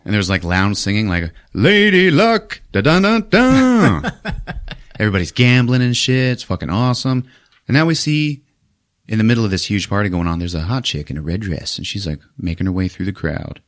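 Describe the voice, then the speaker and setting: A deep-voiced man talks fast as he hosts a podcast, casually recapping a movie plot. He swears and acts out the characters' lines in silly voices.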